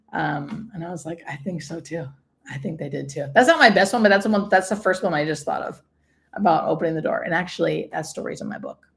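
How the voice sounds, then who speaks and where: A hospice nurse hosting a casual livestream, chatting with viewers and telling stories in a rambling, friendly way. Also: female voice, on the low side. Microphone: webcam or phone setup for a livestream.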